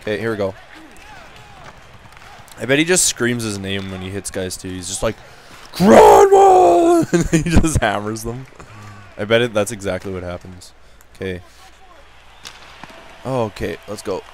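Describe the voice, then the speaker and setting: A young man giving casual, excitable commentary while playing a hockey video game, switching between low muttering and loud yelling. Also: normal speed, pauses often, a little hiss or hum. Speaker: gaming commentator.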